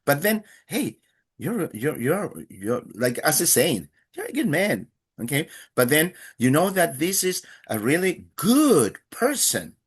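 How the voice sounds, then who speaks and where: Slow, patient man teaching Spanish. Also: a little high, sing-song, husky. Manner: patient, explains slowly with many fillers, acts out little dialogues. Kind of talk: live online Spanish lesson.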